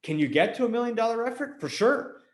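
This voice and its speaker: A man's voice: extremely high pitch, expressive, quick pace, echoey room. An American man hosting a show, giving a blunt, emphatic motivational talk on business and repeating points for emphasis. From United States. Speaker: host.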